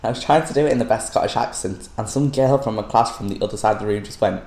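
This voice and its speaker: A man's voice: fairly low pitch, fast, a little mellow. A young man from Liverpool with a Scouse accent, telling rambling, self-deprecating stories in casual chat. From Liverpool, England. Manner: rambling, self-deprecating storyteller, laughs often. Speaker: podcast co-host. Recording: echoey room, faint noise.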